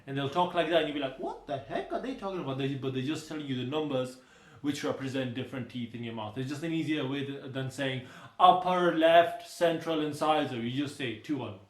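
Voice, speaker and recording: A man's voice: medium pitch, brisk, roomy sound, low-quality recording. A young man in his twenties, a dentist hosting a casual meme reaction chat, joking and explaining things patiently. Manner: playful, jokey, explains patiently. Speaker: dentist and channel host.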